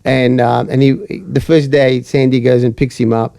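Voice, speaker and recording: Male co-host, storyteller who acts out the quotes, mid-pitched voice, dry close sound. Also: level tone, normal speed, gravelly, dark tone, no echo. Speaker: podcast co-host. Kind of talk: casual chat.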